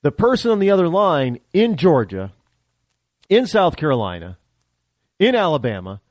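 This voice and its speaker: Male podcast host, from the northern US, casual rambling monologue, very expressive pitch. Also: moderate pace, long pauses, dry recording. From northern United States. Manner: animated rambling storytelling.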